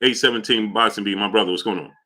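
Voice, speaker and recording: A man hosting a casual boxing livestream from New York, reading super chats and shouting out viewers by name in loud bursts. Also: on the low side, fast talker.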